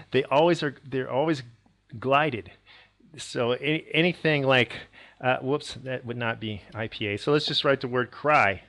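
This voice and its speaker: A man's voice: mid-range voice, measured pace, fairly bright tone. A man from the United States giving a casual video lesson on pronunciation, rambling and correcting himself, chuckling now and then. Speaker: language teacher.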